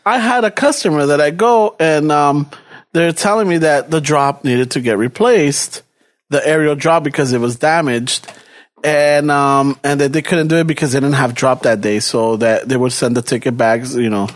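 A man's voice: a little high, normal speed. A man, telling a work story in casual chat and acting out the quotes. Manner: animated storyteller, acts out quotes, swears freely, laughs often. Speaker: former cable technician telling a work story. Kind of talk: casual chat, code-switching English and Spanish.

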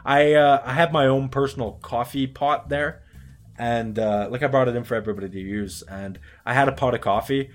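Young adult man, podcast co-host, animated storyteller who swears freely. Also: mid-range voice, brisk. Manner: animated, swearing, acts out quotes. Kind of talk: casual storytelling chat.

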